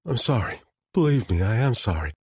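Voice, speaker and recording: A man's voice: mid-range voice, big pitch swings, fairly quick, a little mellow, husky, dry recording, clean studio sound. A man doing a nervous apologetic older guy. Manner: weak, nervous and pleading.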